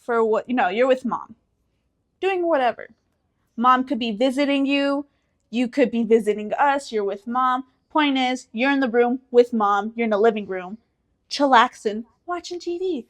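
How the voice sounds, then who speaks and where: A young woman co-hosting a casual podcast with her sibling, telling stories in an animated way, acting out quotes and laughing often. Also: on the high side, normal speed. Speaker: podcast co-host.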